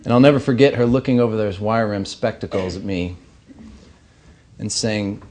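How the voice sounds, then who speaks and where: A man's voice: on the low side, moderate pace, pauses often, darkish tone, a little hiss or hum. A man in his thirties from Missouri giving a keynote speech at an awards banquet, earnest and anecdotal with light humor. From Missouri, USA. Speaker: keynote speaker. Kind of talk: ceremony speech. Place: banquet hall.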